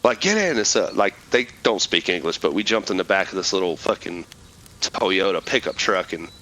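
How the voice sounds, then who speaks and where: Profane, low-pitched man telling a war story. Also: normal speed, sharp tone, a little hiss or hum, poor audio. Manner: profane, rambling, with many restarts. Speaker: podcast guest, military veteran. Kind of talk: casual storytelling.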